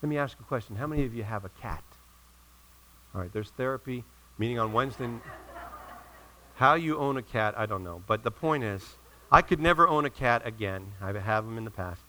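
A male pastor preaching a sermon in a church, telling a story and rising to loud emphatic peaks before dropping to quiet asides. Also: mid-range voice, lively intonation, fairly quick, a little hiss or hum, low-quality recording.

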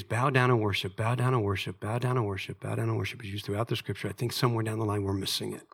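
Bright-voiced middle-aged male pastor preaching. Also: mid-range voice, vocal fry, slightly rough. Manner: earnest conversational preaching, reading scripture aloud. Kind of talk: sermon.

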